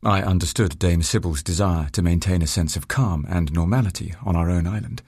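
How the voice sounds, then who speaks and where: A man narrating a first-person story in a reflective, measured and formal way. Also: deep voice, a little mellow, slightly rough, dry recording, studio quality.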